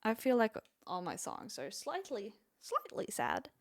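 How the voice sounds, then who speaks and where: A woman's voice: a little high, wildly swooping pitch, unhurried. A woman musician chatting casually on her stream in a rambling, self-deprecating way.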